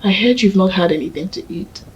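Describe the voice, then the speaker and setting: An actress playing a gentle young woman who tenderly coaxes her grieving partner, often speaking in a hush. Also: mid-range voice, fairly quick, muffled recording, a little hiss or hum, natural voice. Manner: tender and coaxing, often hushed. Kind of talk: film drama acting.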